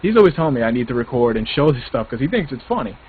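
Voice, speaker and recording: A middle-aged man in casual chat, quick and self-mocking, acting out his own whining. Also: mid-range voice, very animated, breathy edge. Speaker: gaming podcast co-host. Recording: tinny phone-like line with faint noise.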